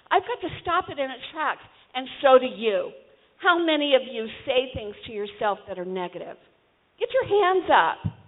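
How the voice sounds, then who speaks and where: Female preacher, high voice, conversational and exhorting, thin phone-like audio. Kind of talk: sermon.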